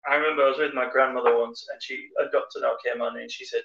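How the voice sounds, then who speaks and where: A man's voice: mid-range voice, steady tone, fast talker, creaky, hardly any pauses, fairly bright tone. A man co-hosting a casual drinking show, rambling through sweary stories. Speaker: co-host. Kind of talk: casual boozy chat. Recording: roomy, distant, muffled stream audio.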